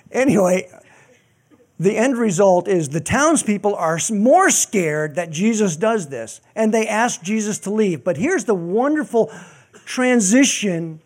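A man's voice: high-pitched, animated, a little slow, a little mellow. A man preaching a sermon in a conversational, joking way with frequent asides. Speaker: pastor.

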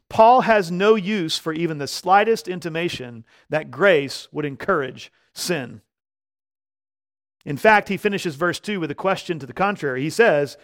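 A male pastor preaching a sermon, growing loud and slow on key words and when quoting scripture. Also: a little high.

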